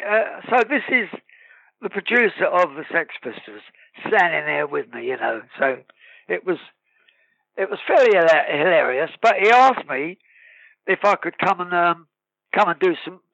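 High, bright storyteller. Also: male voice, moderate pace, vocal fry, no room sound, lo-fi sound. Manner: lively storyteller, breaks into sung snatches and laughs. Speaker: guest musician. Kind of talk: casual anecdote telling.

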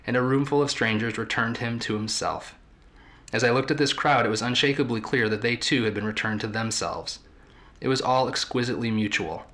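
A podcast host reading a story aloud from a book in a measured, storytelling way. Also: male voice, medium pitch, sharp tone.

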